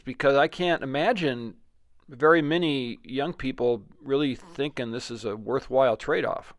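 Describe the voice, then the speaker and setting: A man's voice: mid-range voice, moderate pace, no echo, studio quality. A man hosting an interview, asking questions in a hesitant, inquisitive way with frequent restarts. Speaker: host. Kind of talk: conversational interview.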